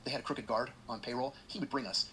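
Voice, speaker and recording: A middle-aged man, a podcast guest, telling a story in an animated way and acting out the voices of the people in it. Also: medium pitch, fast talker, a little hiss or hum. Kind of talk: storytelling anecdote.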